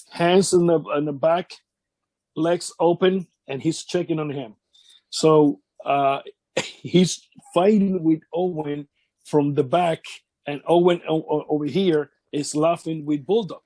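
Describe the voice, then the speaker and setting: Dark-voiced man telling wrestling stories. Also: a little high, slow pace, dry recording. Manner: animated anecdotes, non-native English grammar. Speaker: interview guest, former wrestler. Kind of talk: shoot interview storytelling.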